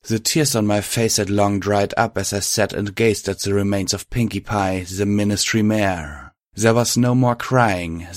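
Measured, low-voiced male storyteller. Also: no echo, studio quality. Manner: measured, reflective. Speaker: audiobook reader. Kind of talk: first-person fan fiction narration.

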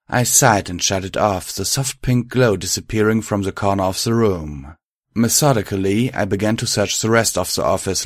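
A man reading first-person fan fiction aloud in a measured, reflective manner. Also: fairly low pitch, no room sound, studio quality. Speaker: audiobook reader.

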